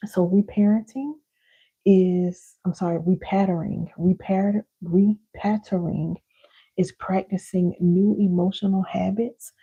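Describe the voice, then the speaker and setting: A woman's voice: mid-range voice, fairly even intonation, unhurried, slightly rough, lo-fi sound. A woman giving a live parenting and healing teaching, emphatic, repeating key lines and calling listeners baby and y'all.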